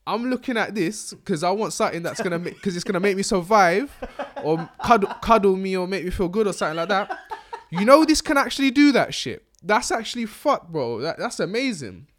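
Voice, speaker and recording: A young podcast host with a high, expressive voice keeps up a fairly quick pace. He rambles and uses slang throughout the casual chat, and he laughs frequently.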